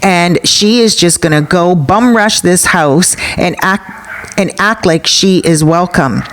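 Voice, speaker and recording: A woman's voice: fairly low pitch, slow pace, a bit bright. Chatty woman telling a story. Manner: chatty, gossipy retelling. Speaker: vlogger. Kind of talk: storytime narration.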